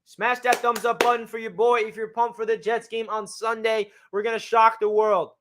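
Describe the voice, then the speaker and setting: A man hosting a casual sports fan livestream, talking in a hyped, excitable way. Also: high voice, moderate pace.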